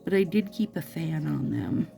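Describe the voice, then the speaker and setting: Chatty woman with a low gravelly voice. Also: lively intonation, moderate pace, dark tone, faint music behind. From Minnesota. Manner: chatty, rambling, playful asides. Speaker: nail vlogger. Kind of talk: casual chat to camera while applying nail strips.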